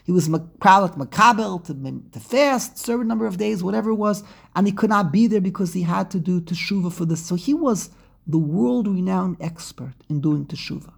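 A woman giving an impassioned religious lecture, full of rhetorical questions and swings between hushed and loud. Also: medium pitch, brisk, gravelly, slightly rough. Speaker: Torah teacher.

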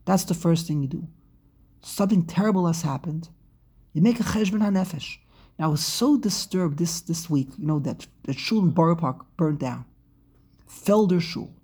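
Husky, impassioned woman teaching scripture. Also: lowish voice, moderate pace. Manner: emphatic, rhetorical questions, swings between hushed and loud. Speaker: Torah teacher. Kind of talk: impassioned religious lecture.

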